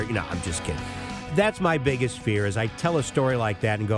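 A man hosting a radio talk show, telling a story in an emphatic, animated way. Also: fairly low pitch, fairly quick, loud music behind the voice.

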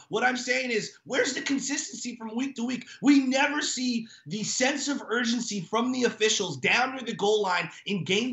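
Ranting high-voiced sports talk man. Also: roomy sound. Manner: animated, ranting, emphatic repetition. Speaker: sports radio co-host.

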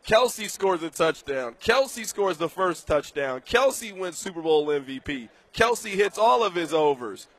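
A man hosting a sports radio show, delivering an animated, emphatic, joking monologue from a studio. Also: high voice, a little slow, hardly any pauses, no echo.

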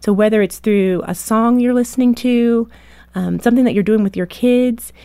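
A woman in her thirties, a guest author on a radio interview, telling family stories with lively acted-out voices. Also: a little high, normal speed, clean tone, dry recording. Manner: animated storyteller, acts out voices.

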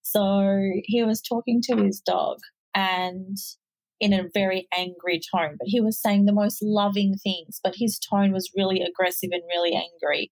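Woman, podcast host, casual, chatty, gravelly, dry close sound. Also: mid-range voice, fairly even intonation, moderate pace, darkish tone, dry recording, low-quality recording. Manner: chatty storytelling. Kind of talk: casual interview chat.

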